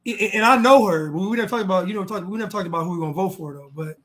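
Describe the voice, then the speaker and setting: Animated high-voiced man telling stories. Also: rapid-fire. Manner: animated storyteller, acts out dialogue; casual, with many restarts. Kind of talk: casual political chat.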